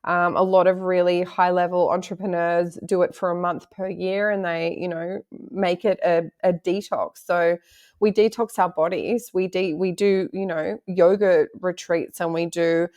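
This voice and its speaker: A woman guest on a podcast, speaking in a calm, reflective, explanatory way. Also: fairly low pitch, a little slow. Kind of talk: casual conversational interview.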